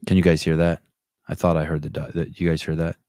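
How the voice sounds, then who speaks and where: A man hosts a casual podcast livestream, his voice sitting very low. He rambles wryly and swears freely. The sound is close and dry, with almost no room in it. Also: little pitch movement, fast, warm tone, no echo. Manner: rambling, profane, wry. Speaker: podcast host.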